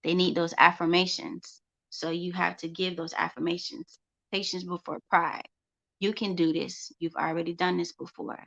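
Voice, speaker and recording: A woman's voice: fairly low pitch, little pitch movement, normal speed, creaky, a bit bright. A woman, a homeschooling mother, chatting casually on a vlog and repeating phrases for emphasis. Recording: dull lo-fi recording.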